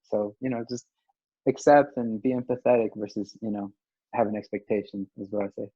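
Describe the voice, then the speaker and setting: A man's voice: lowish voice, steady tone, a little fast, mellow, breathy edge, no echo. A young man speaking as a podcast guest in casual group discussion, earnest and rambling with lots of filler words. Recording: dry, dull lo-fi audio.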